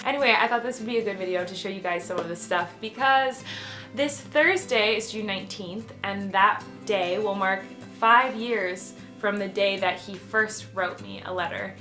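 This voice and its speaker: A young woman in her twenties talks casually to her viewers in a vlog. She is chatty and playful and pokes fun at herself. Clear music plays behind her voice. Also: mid-range voice, moderate pace, bright, forceful tone. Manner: chatty, playful and self-mocking. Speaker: vlogger. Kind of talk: casual vlog talk to camera.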